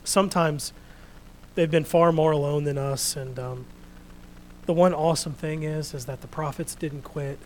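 Man preaching, slightly high voice, earnest and quiet, faint hum behind. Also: steady tone, normal speed, poor audio. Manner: reads scripture loudly, then speaks quietly and reflectively. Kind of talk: sermon with scripture reading.

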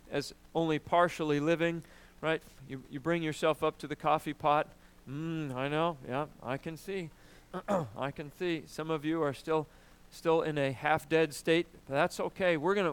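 Animated, clear-voiced male preacher. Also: fairly high pitch. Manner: animated, emphatic preaching with frequent "right?" and throat clearing. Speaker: pastor. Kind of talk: sermon.

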